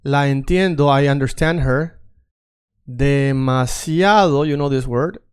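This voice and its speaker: Smooth-voiced man drilling phrases. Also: on the high side, normal speed. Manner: repeats phrases for drilling, coaxing learners to say them along. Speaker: Spanish teacher. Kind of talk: language drill lesson.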